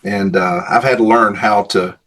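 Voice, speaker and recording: Husky male guest, lower voice, measured talk, dark humor. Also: big pitch swings. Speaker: guest, paramedic and pastor. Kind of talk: casual interview chat.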